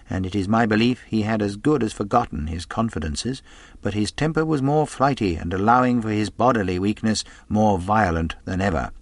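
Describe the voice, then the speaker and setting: A man narrating a classic adventure novel as an audiobook in a measured storytelling delivery. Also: on the low side, no room sound.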